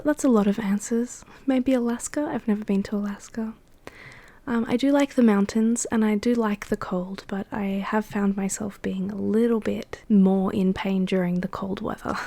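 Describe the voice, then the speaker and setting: A woman hosting a soft-spoken ASMR question-and-answer session, drifting between gentle whispers and quiet talk with light laughs and fillers. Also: mid-range voice, vocal fry. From Australia. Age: adult.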